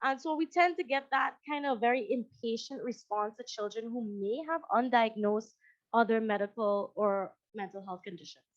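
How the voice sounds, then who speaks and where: A woman's voice: on the high side, normal speed, no echo, highs cut off. A woman psychologist with a Guyanese accent giving a conversational presentation over a video call, often acting out quoted parents.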